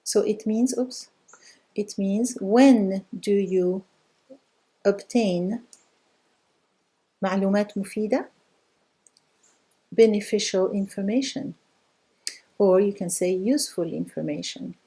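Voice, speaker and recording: A middle-aged woman leads a live online language class. Her voice is mellow and dark-toned, with a pitch that sits in the middle. She repeats each question slowly and patiently and rewards students with steady praise. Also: husky. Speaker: language teacher.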